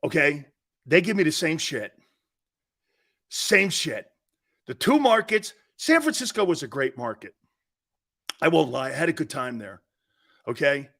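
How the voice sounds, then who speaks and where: A middle-aged man with an East Coast American accent, hosting a sports talk show in brash, loud, joking banter. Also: on the high side, very animated, unhurried, creaky, long pauses. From Northeastern United States. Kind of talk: casual live show banter.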